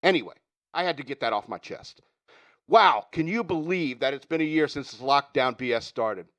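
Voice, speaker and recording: A man's voice: mid-range voice, animated, normal speed, fairly bright tone. A man hosting a podcast, ranting bluntly and with profanity, a slight sore throat in his voice. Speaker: podcast host.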